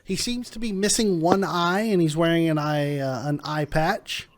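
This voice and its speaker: A man's voice: fairly high pitch, steady tone, noisy background. A man narrating a tabletop game as game master, describing scenes and voicing the barkeep. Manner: unhurried, voices the barkeep in quick asides.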